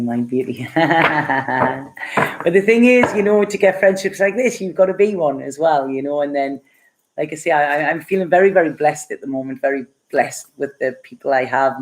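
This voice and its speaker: A woman's voice: low-pitched, moderate pace. A middle-aged woman giving a casual live tarot reading and answering viewer comments, chatty and rambling, often laughing and using plenty of fillers. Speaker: tarot reader.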